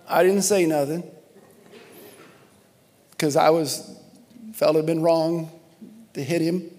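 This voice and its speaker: Young male pastor, higher pitch, animated sermon with laughs, long hall reverb. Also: slow, pauses often. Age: young adult. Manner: animated storytelling, laughing and exclaiming. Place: church sanctuary.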